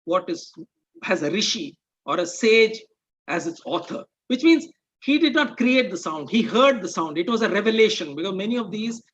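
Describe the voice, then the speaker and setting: A man presenting an explanatory talk, speaking in a measured way and checking in with "okay?" and "right?". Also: sits high, a bit bright, slightly rough.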